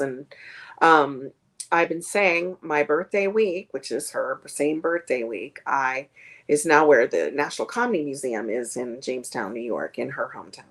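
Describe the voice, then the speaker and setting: A woman comedian chatting as a guest on a streamed video call, rambling with many fillers. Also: deep voice. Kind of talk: casual interview chat.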